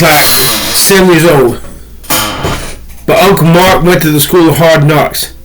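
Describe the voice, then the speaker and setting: A man's voice: on the high side, slight background noise, low-quality recording. A middle-aged man in a rambling vlog monologue, ranting bitterly and wishfully. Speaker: vlogger.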